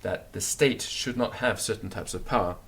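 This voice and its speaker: A man teaching a recorded grammar lesson, explaining and repeating words slowly so they can be drilled. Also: fairly low pitch, fairly bright tone. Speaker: language teacher.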